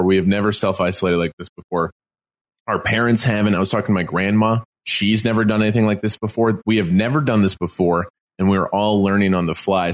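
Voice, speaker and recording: A man co-hosting a podcast from home, talking in an earnest, reassuring way and repeating himself for emphasis. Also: lowish voice. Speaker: podcast co-host. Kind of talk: casual podcast chat. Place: at home, self-isolating.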